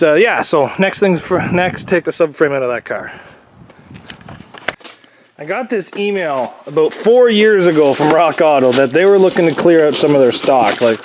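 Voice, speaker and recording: A man with a fairly high voice chats his way through a repair job. He jokes and gets worked up easily, talking half to himself and half to his viewers. Clear workshop noise sits behind him. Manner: chatty, excitable, jokey self-talk. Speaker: workshop vlogger. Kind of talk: casual workshop vlog. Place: garage workshop. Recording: noisy workshop.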